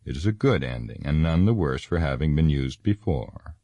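A man's voice: rumbling low, lively intonation, normal speed, dark tone, dry recording, lo-fi sound. Bilbo, a man voicing a fussy old hobbit. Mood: brisk. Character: elderly, fussy male hobbit.

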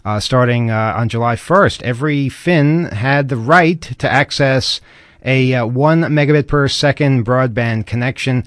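A man's voice: medium pitch, a little slow, no echo, studio quality. A man hosting a podcast, reading out news items and chatting in a conversational, mildly wry way. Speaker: podcast host.

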